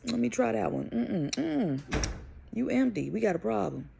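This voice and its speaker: A woman's voice: mid-range voice, sing-song, normal speed, creaky, noisy background, pitched above the performer's own voice. A woman voicing her cheeky three-year-old son who matter-of-factly demands more milk. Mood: sassy. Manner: sassy, matter-of-fact.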